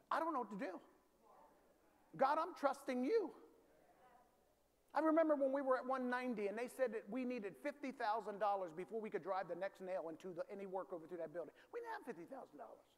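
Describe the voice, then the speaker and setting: A male pastor from the preaching a sermon in a large church, calling for responses and rising to shouts. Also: extremely high pitch. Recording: reverberant hall, faint ambience.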